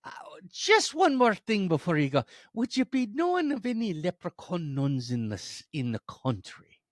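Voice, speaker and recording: A man's voice: sits high, very animated, normal speed, dry recording, studio quality, voice pushed up. A man voicing a persistent, overly polite male leprechaun in a told joke, with courteous old-fashioned phrasing. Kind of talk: joke telling.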